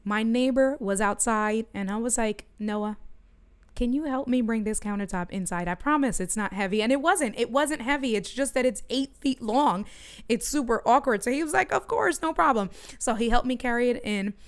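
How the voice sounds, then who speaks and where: A woman's voice: a little high, moderate pace, clean tone. Chatty woman streamer telling a story. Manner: animated storytelling, talks to chat. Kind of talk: casual livestream chat. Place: home studio.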